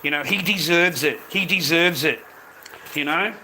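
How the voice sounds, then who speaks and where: Middle-aged man, high sharp voice, ranting and swearing at his stream chat, every line ending in "mate". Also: moderate pace, slight background noise, rough recording. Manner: swearing, repeats "mate" constantly. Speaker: live streamer. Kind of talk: angry live-stream rant.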